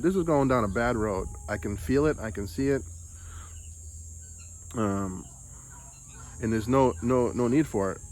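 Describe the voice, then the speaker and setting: A man's voice: mid-range voice, a little hiss or hum. A man from the United States venting in a casual vlog, frustrated, swearing and repeating himself. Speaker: vlogger. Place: home in the Philippines.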